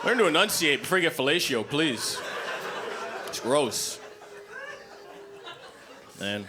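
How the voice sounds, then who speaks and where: Profane, animated male stand-up comic. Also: fairly high pitch, takes it slowly, a crowd in the background. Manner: blunt, profane, animated storytelling. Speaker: stand-up comedian. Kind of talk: stand-up comedy set. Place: comedy club stage. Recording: live comedy club, noisy ambience.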